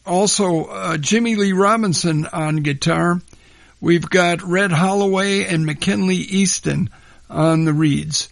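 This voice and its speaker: A man hosting a record show on the radio, talking through the musicians in a relaxed, conversational way with small hesitations. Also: high voice, takes it slowly, gravelly, dry recording. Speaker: radio host. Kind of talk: unscripted record-show patter.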